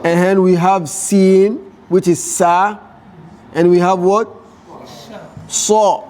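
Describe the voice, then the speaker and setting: High-voiced, slow-paced reading teacher. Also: male voice, level tone, a little mellow, a little hiss or hum. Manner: drills sounds by repeating them, asks the class questions. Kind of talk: live Quran reading class.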